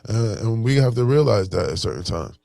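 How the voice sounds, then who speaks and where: A vlogger from Buffalo, New York speaks fairly fast in a fairly low, gravelly, dark voice, animated and carrying a Buffalo accent. His motivational talk is casual and slangy, full of "you know what I'm saying," and the recording has no room sound.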